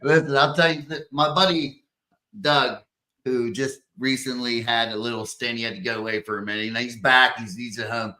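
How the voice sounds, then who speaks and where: Dude hosting a podcast, bright voice, laughs through his stories and swears constantly. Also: mid-range voice, steady tone, moderate pace. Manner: laughing, profane, loses his train of thought. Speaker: podcast host. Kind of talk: casual podcast chat.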